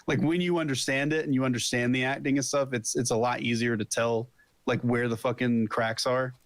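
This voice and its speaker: A man's voice: mid-range voice, steady tone, fairly quick, no echo. A man co-hosting a casual podcast, blunt and swearing heavily. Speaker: podcast co-host. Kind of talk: casual chat.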